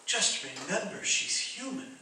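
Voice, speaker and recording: A man's voice: high voice, very animated, unhurried, pushed and bright, full character voice. A man in a radio play voicing Goodwill, a small boy spirit who lectures people in an earnest tone. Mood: stern preaching. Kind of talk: amateur radio drama acting. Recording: roomy echo, distant mic.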